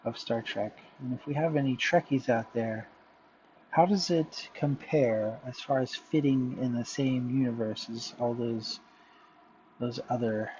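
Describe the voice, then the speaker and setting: A man chatting casually to viewers while he draws, rambling and muttering softly to himself. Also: medium pitch, dull audio, a little hiss or hum. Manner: rambling, self-talking, drifts into soft muttering. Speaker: drawing vlogger. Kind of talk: casual talk while drawing. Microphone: headphones with mic.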